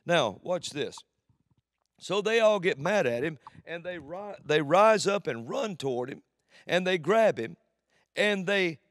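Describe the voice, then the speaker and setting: A man preaching a sermon with emphatic swings between loud declarations and quiet asides. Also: medium pitch, dry recording, studio quality.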